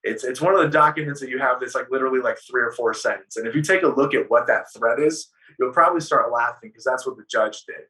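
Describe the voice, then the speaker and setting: A man guest on an interview show, telling his story in an animated, profane way and acting out the dialogue. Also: medium pitch, fast talker, few pauses, far from the mic, poor audio.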